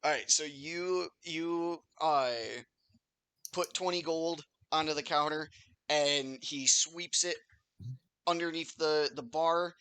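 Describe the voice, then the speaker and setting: A man narrating a tabletop game as game master, with a bright, slightly high voice. He talks casually and swears freely. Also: fairly even intonation, slow, clean tone, dry recording. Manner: casual, swears freely, laughs at his own scenes.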